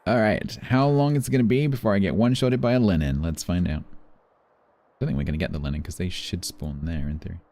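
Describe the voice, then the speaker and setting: Deep-voiced man chatting on a stream. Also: fairly quick, mellow. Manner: chatty, thanks viewers between play remarks. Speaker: game streamer. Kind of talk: casual live-stream chat.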